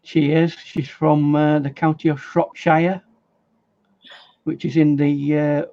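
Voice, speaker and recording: A man's voice: fairly high pitch, flat delivery, slow, mellow. An English man co-hosting a casual art livestream, explaining things hesitantly with stammers and restarts. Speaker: livestream co-host, artist. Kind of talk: casual chat. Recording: dull lo-fi mic sound.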